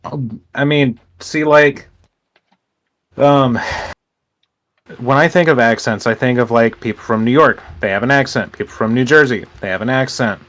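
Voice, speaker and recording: A man's voice: medium pitch, normal speed, pauses often, a bit bright. A young man from Illinois rambling through a casual gaming chat, hesitating with lots of fillers. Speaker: gamer host.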